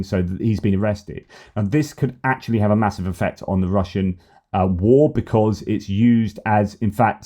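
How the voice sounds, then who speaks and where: Wry man with a mellow low voice. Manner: wry, opinionated, thinking aloud. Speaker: news commentator and channel host. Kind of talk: casual news commentary vlog.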